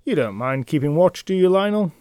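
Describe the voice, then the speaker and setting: A man's voice: a little high, animated, a little fast, dark tone, clear, resonant tone, no echo, clean studio sound, pitched above the performer's own voice, natural voice. A man voicing a sleepy, grand male knight who talks in a rambling, slightly pompous way. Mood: drowsy.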